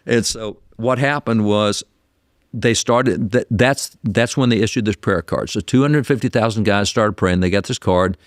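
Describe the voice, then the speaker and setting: A man as a guest historian in an interview, telling stories in an animated way and often repeating words as he starts sentences. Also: on the low side, dry recording, studio quality. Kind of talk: interview storytelling.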